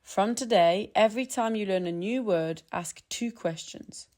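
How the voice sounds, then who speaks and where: A woman with a mid-range voice narrates a scripted English pronunciation tutorial. Her delivery is calm and measured, and she slows down whenever she demonstrates a sound.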